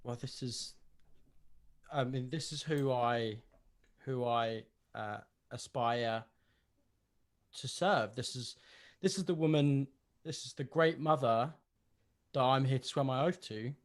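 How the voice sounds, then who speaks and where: A man's voice: mid-range voice, slow pace, pauses often. A man talking as a player in a tabletop game, hesitant and musing.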